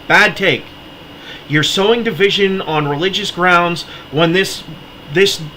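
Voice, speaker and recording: Impassioned American man ranting to camera; high, sharp voice that cracks when he pleads. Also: a little hiss or hum, low-quality recording. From United States. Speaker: political commentator. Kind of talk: impassioned monologue.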